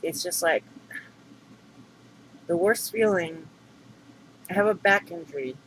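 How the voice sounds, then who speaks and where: Aggrieved high-voiced middle-aged man. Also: slow pace, a bit bright, slight background noise, rough recording. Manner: rambling, aggrieved, many fillers and restarts. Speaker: vlogger. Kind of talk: upset venting monologue.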